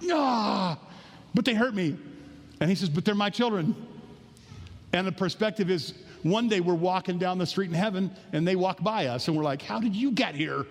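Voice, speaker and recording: A man's voice: high-pitched, big-room sound. A man preaching a sermon as pastor, telling stories with acted-out quotes and joking with his congregation. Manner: animated storytelling, acting out voices in quotes. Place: church sanctuary.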